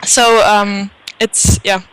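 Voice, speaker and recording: A woman from Bavaria with a German accent, a guest chatting casually on an online radio show, pausing often with "uh" fillers. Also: medium pitch, level tone, fairly bright tone, clean tone. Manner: hesitant, many "uh" fillers. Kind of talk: casual podcast chat.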